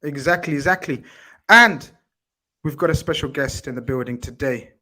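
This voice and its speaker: A man's voice: fairly high pitch, moderate pace, bright, forceful tone. A man hosting a casual football chat show, chatty and teasing his guests. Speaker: podcast host.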